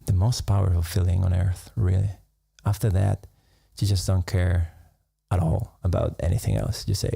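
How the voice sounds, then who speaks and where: Low gravelly man, musing meditation talk. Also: fairly even intonation, no echo, clean studio sound. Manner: unhurried, musing, laughs softly between thoughts. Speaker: meditation teacher. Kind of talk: reflective live-stream talk.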